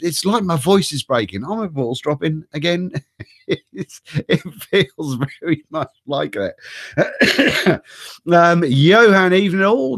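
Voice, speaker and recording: Bloke hosting a live stream with a cold, chatty, swears a bit, bit high voice, dry close mic. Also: male voice, fairly bright tone, no echo. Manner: chatty, swears casually, reads out chat names. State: has a cold. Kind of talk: casual live stream chat. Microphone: desk microphone.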